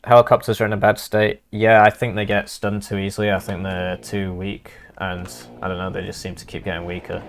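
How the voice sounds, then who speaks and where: A man's voice: deep voice, level tone, fairly quick, hardly any pauses, a little hiss or hum. A young man casting a live strategy game match, casual and rambling with lots of fillers. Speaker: caster.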